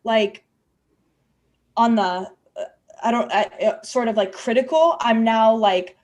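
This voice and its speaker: A woman's voice: fairly high pitch, takes it slowly, a little mellow, muffled recording. A woman hosting a podcast, talking candidly and chattily with many fillers and restarts. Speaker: podcast host. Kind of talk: candid conversational podcast talk.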